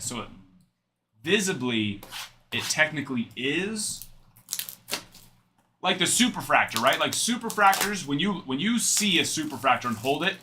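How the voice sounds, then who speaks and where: Lively chatty man hosting a card break. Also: a little high, a little hiss or hum. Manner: chatty, rambling asides while reading out cards. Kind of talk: live card-break stream chat.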